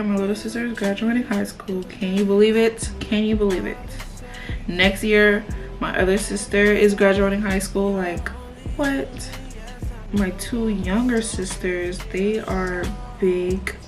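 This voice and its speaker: A woman's voice: medium pitch, fairly bright tone. A woman, chatting casually and rambling with lots of fillers while she does her makeup. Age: 20s. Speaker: beauty vlogger.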